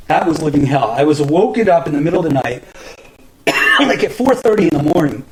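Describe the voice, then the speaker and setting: Middle-aged male podcast host, loose profane storyteller, slightly high voice. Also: expressive, a little fast, rough recording. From New Jersey. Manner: rambling, profane, many restarts and fillers. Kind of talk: casual storytelling monologue.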